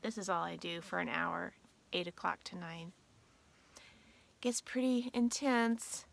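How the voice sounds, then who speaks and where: A woman's voice: on the low side, unhurried, creaky. A woman vlogger in casual, chatty talk to her viewers, giggling through her stories. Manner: chatty, drawling, giggly asides. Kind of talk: casual chat.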